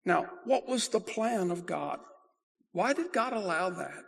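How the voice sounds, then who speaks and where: A high-pitched male pastor delivers a sermon, his voice rough with gravelly fry. He preaches in a folksy, emphatic way and slows down to lean on repeated words. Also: expressive, fairly bright tone.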